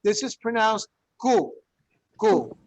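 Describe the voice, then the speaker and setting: A man's voice: sits high, sing-song, slow pace, dry recording, rough recording. A man teaching a Spanish class, encouraging students and drilling pronunciation through repetition. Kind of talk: classroom language lesson.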